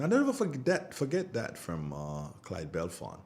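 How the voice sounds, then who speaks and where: A man's voice: low voice, moderate pace, creaky, a little hiss or hum. A Grenadian man hosting a radio show, greeting listeners and telling stories in a casual, colloquial way. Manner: animated storyteller with Caribbean colloquial phrasing. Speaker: radio host. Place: radio studio.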